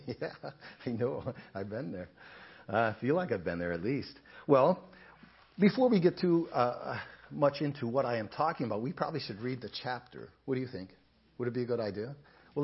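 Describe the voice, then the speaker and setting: A man's voice: on the high side, breathy edge, dull audio. A man preaching a sermon and reading scripture, talking casually and asking the congregation questions. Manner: conversational, asks the congregation questions. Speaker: pastor.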